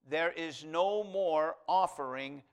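A male preacher giving a sermon, reading scripture aloud and moving from quiet asides to loud, emphatic declarations. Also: fairly high pitch, takes it slowly, clear, resonant tone. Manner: reads scripture aloud in King James wording.

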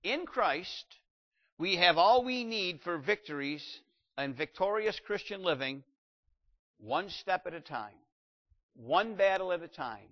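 A man in his fifties preaches with a fairly high voice, rising into loud, ringing exhortation and then dropping low for quiet stories. The sound is dull and lo-fi. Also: lively intonation, unhurried. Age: 50s. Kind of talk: sermon. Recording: dull lo-fi recording.

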